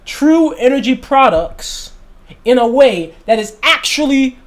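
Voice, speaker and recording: A man's voice: very high voice, expressive, unhurried. Passionate man ranting on a livestream. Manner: passionate, emphatic, repeats points. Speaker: livestream host. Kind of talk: casual livestream talk.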